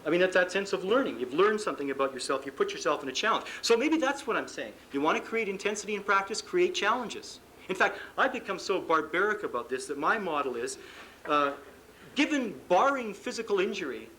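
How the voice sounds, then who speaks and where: A Canadian man lecturing at a seminar in a bright, slightly high voice. He talks fast, acts out the athletes he describes, and keeps stumbling into restarts and repeated words. The audio is an archival recording of a live talk. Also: slight background noise, rough recording. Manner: lively storytelling, acts out what athletes say. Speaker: sports psychologist giving a coaching seminar.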